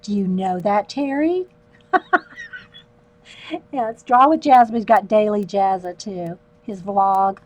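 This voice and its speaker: A woman hosts a relaxed drawing livestream from her art desk. Her voice sits at a middle pitch, and her talk is chatty and easygoing. She keeps up a running conversation with viewers as she works, laughing often. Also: unhurried, pauses often, no echo. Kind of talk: casual livestream chat while drawing.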